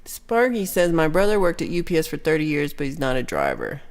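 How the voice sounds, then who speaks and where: A woman's voice: sits low, a little fast, vocal fry. A woman in her thirties or forties hosting a casual livestream chat, telling ranting stories with plenty of swearing and reading out viewer comments. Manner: animated ranting storyteller, swears freely. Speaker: livestream host.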